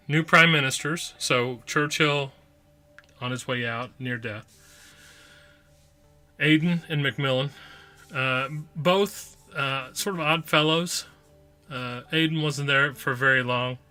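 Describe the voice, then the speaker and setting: A man's voice: mid-range voice, bright, forceful tone. A man hosting his own podcast, talking casually and playfully with lots of repetition and asides. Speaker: podcast host. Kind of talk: casual solo review.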